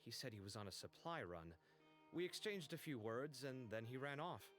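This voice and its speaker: Chatty, animated young man as voiced by an actor. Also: medium pitch, normal speed, lightly acted. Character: excitable young male architect, talkative and expressive. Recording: game audio with faint music.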